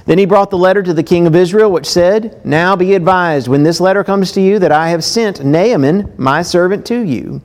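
A man preaching a sermon. He reads scripture aloud with lively emphasis and breaks off into chatty asides to his listeners. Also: on the high side.

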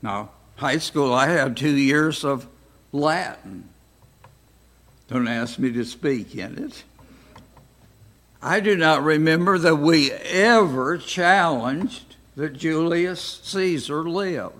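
An older American man teaching a Bible study class, speaking slowly and deliberately with frequent pauses. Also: a little high, expressive, fairly bright tone. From United States. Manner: slow, deliberate, pausing often.

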